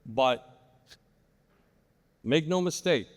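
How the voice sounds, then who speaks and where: Very slowly and expressively, a man with a mid-range voice tells a long, meandering story at a live real estate panel, often starting over. The large hall makes the recording echo.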